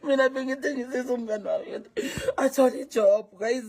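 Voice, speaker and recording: A woman's voice: sits high, steady tone, quick pace, darkish tone, slight background noise. A distraught South African woman telling viewers a story, her voice tearful, dropping to whispers and rising to pleading. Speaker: vlogger.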